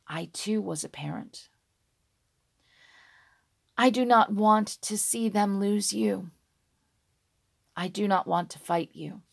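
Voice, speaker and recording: A woman voicing an old, lonely female dragon who speaks slowly and solemnly in a told story. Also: medium pitch, creaky, no room sound, studio quality. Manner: slow, solemn and measured.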